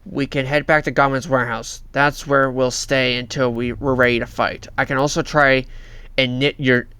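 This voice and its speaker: A man reading out a caring young heroine in a fan story, bright-toned and smooth-voiced. Her lines come out plain and read-aloud, not heavily acted. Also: medium pitch, flat delivery, normal speed, no echo, lightly acted. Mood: calm. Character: young female survivor, brave and caring.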